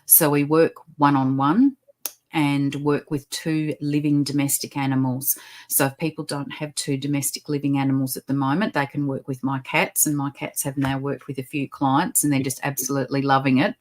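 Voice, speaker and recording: A woman, a guest on a podcast, describing her work talking with animals in a lively, upbeat manner. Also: extremely low pitch, normal speed. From Australia. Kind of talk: podcast interview. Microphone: video call.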